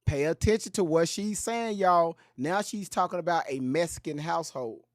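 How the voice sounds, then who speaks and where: A man hosting a reaction video, commenting on played clips in a profane, exasperated rant that flares into shouting. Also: a little high, moderate pace, no room sound, clean studio sound.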